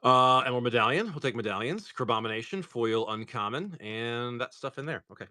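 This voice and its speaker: Lively bright-voiced man chatting on stream. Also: mid-range voice, fairly quick. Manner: rambling storyteller, lots of "like". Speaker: streamer opening trading cards for sale. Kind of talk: casual livestream chat.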